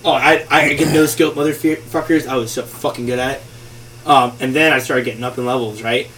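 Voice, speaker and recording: A man chatting casually as a guest about video games, excitable and profane, sometimes shouting as he acts out other players. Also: mid-range voice, a little fast. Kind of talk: casual chat. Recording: voice a bit far from mic, faint noise.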